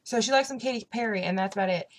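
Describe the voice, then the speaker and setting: A woman's voice: a little high, very fast, a little hiss or hum. A young woman with a Southern country accent, rambling through a casual vlog with plenty of fillers and a hyper, caffeinated energy. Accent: American Southern country. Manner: chatty and rambling, with lots of fillers. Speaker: vlogger. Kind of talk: casual chat.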